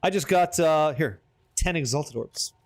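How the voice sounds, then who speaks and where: A man's voice: on the high side, lively intonation, a little slow. A man streaming a game, chatting casually with his viewers, joking and swearing freely as he reads the chat. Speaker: livestream gamer.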